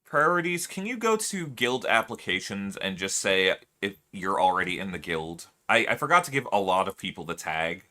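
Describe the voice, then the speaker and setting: A man's voice: low-pitched, very animated, moderate pace, hardly any pauses, bright, forceful tone. A man streaming live, chatting casually with his viewers, laughing often and musing aloud.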